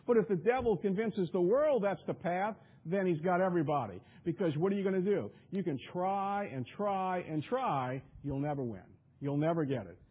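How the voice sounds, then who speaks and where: A man's voice: sits high, expressive, moderate pace, few pauses, breathy edge, phone-quality sound. A man preaching a sermon in an emphatic, repetitive way, often stumbling over his restarts.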